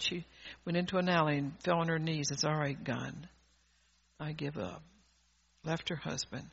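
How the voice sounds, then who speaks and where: A man preaching a sermon, fervent and rambling, who swings from soft asides to loud calls to the congregation. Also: on the high side, creaky, husky. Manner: rambling, with restarts and laughter. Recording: dull lo-fi recording.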